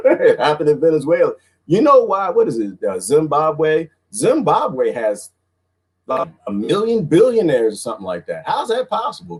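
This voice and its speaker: Man from the D.C. area, livestream host, husky voice, lively swooping pitch. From Washington, D.C. area. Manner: animated, shifts voices, playful greetings. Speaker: livestream host reading viewer comments. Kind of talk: casual livestream chat.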